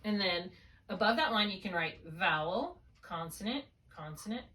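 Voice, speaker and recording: A reading tutor works one on one with a student, patiently walking through spelling rules step by step and checking often that it makes sense. Her mid-range voice is animated with a sharp tone, at normal speed, and she sits far from the mic.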